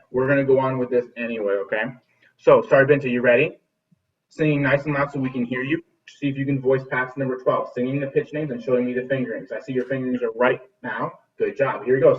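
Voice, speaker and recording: A husky man teaches a music class over a video call and cheers the pupils on, often restarting his sentences. He sits back from the laptop mic, and the dull, lo-fi call audio makes him sound distant. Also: medium pitch, steady tone, a little fast. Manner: encouraging, repeats and restarts phrases.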